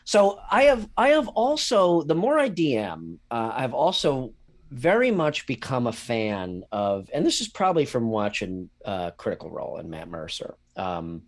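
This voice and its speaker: Man, casual podcast co-host and game master, lively rambling delivery full of caveats. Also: mid-range voice, moderate pace. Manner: rambling, hedging, laughs often, swears. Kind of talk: casual chat.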